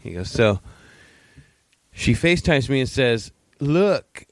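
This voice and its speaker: A man's voice: mid-range voice, sing-song, takes it slowly, no echo. A middle-aged man co-hosting a podcast, telling rambling stories in a teasing, casual way. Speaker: podcast co-host. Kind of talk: casual chat.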